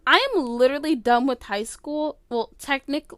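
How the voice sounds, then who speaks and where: Chatty high-pitched teen girl podcaster. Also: normal speed, a bit bright, dry recording, clean studio sound. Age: late teens. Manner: rambling, filler-heavy, emotional. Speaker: podcast host. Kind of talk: casual solo podcast chat. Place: her bedroom.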